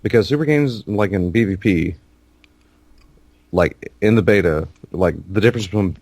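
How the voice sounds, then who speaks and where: A man's voice: lowish voice, moderate pace, a little mellow, no room sound. A man co-hosting a casual gaming podcast, rambling with lots of fillers and restarts. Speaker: podcast co-host.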